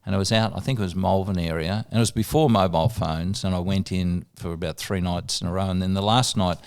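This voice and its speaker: A man's voice: sits low, fairly even intonation, fast talker, darkish tone, clean tone. An older man, a radio veteran telling emotional anecdotes as a guest in casual chat.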